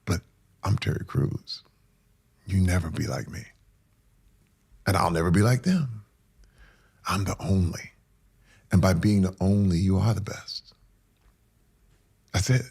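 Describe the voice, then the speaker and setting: A man opening up as an interview guest, earnest and emphatic, leaning on repeated phrases to drive each point home. His voice is gravelly, with a husky edge, and he now and then sinks into a near whisper. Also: sits low, very animated, measured pace, pauses often. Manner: drops to a hushed whisper at moving moments. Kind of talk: candid personal storytelling.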